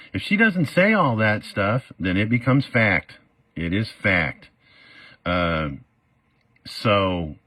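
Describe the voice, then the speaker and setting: A man's voice: deep voice, pushed and bright, no room sound. A middle-aged man telling his own story in a casual, rambling way, full of fillers and acted-out quotes. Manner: rambling, many "uh" fillers, acts out quoted voices.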